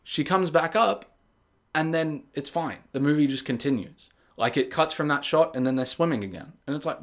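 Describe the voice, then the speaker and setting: A man giving a casual spoken movie review, sarcastic and exasperated, often jumping into high mocking voices to act out scenes. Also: moderate pace. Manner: animated, jumps into high mocking voices for quotes.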